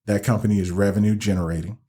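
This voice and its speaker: Middle-aged guy on a podcast, kinda low voice, tells his story all animated, laughs a bunch. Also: fast. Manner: animated, laughs often, many restarts and "like". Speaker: podcast guest. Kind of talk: casual storytelling interview.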